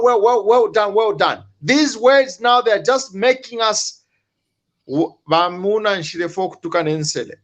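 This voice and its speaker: A man's voice: high voice, a bit bright, lo-fi sound. A man speaking as a panelist, impassioned, repeating himself and restarting his words. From Zambia. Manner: impassioned, repetitive, halting restarts. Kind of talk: political panel discussion.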